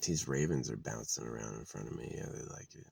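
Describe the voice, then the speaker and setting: A man's voice: extremely low pitch, fairly quick, creaky, dark tone, breathy edge, dry recording. A man rambling in a blunt, crude monologue outdoors, full of fillers and restarts. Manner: meandering, crude, blunt opinions with many fillers.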